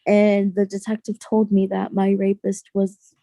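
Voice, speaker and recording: A young woman tells her personal story as a guest on an interview podcast. She speaks in an earnest, halting way and often restarts her sentences. Her voice has a gravelly fry and a dark, mellow tone, recorded dry and close. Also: mid-range voice, completely flat delivery, dry recording.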